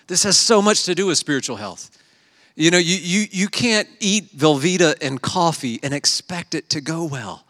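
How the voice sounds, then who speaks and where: A man in the pulpit delivers a relaxed, conversational sermon, slipping into little acted-out quotes as he tells stories. His voice sits a little high for a man. The sound carries a long reverb tail from the hall. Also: moderate pace. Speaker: pastor.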